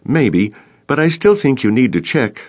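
A man's voice: medium pitch, sing-song, moderate pace, pitched above the performer's own voice. A man doing a worried, insistent young man. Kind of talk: audiobook character voice.

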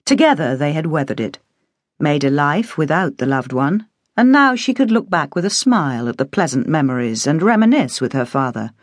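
Woman narrator, audiobook, expressive, lively pitch, dry close studio sound. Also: normal speed, dry recording. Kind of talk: scripted narration.

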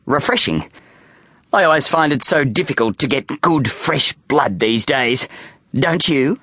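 A man voicing a schoolboy who pretends to be a vampire, talking slow, deep and mock-mysterious. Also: lively intonation, sharp tone, breathy edge, no room sound, clean studio sound, exaggerated voice. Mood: mock-serious. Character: schoolboy playing a vampire, solemn and theatrical.

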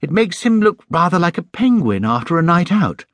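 Kindly mother, gentle and wry, raised pitch, played by a male narrator. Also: big pitch swings, moderate pace, dry recording, heavily acted.

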